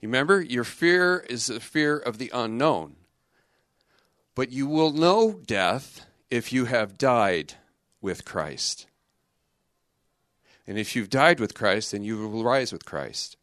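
A middle-aged man, a religious brother, giving a lively youth talk in a conversational, joking way full of rhetorical questions. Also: mid-range voice, slow pace, pauses often, no room sound, clean studio sound.

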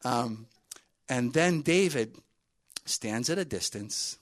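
Brief: casual male youth speaker, mid-pitched, telling a story loosely. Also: lively intonation, slow. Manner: conversational, with many fillers and asides. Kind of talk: storytelling sermon to a group.

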